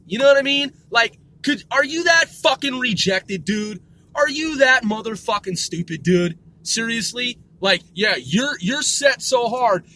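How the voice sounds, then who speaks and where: A podcast host in his forties rambles casually from a moving car, cursing freely and correcting himself, all captured on mobile recording. He has a high voice with a fairly bright tone.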